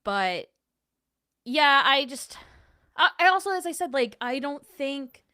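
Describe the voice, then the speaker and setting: A woman's voice: high-pitched, lively intonation, slow pace, pushed and bright, dry recording, clean studio sound. A young adult woman hosting a casual livestream, chatting and answering her chat in a self-deprecating way. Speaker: livestream host.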